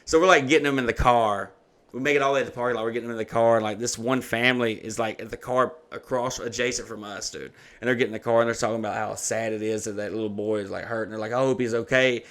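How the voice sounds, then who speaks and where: A man's voice: medium pitch, quick pace. Profane man telling a story. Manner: profane, animated retelling with put-on quotes. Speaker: podcast host. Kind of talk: casual storytelling chat.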